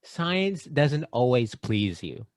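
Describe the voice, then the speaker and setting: Male co-host, playful banter, rattles off shout-outs, mid-pitched, close dry mic. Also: sing-song, slow pace, no echo. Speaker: podcast co-host. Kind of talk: casual chat.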